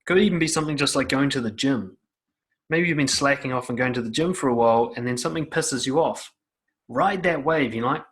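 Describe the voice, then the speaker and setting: A man's voice: fairly high pitch, lively intonation, fairly quick, a bit bright. A man giving blunt, profane self-help advice straight to the viewer in an emphatic monologue.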